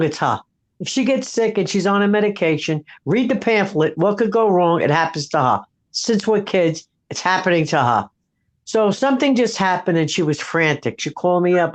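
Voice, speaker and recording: Chatty woman on a livestream, giving advice, tells stories and does her friends' voices. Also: on the low side. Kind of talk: casual livestream chat.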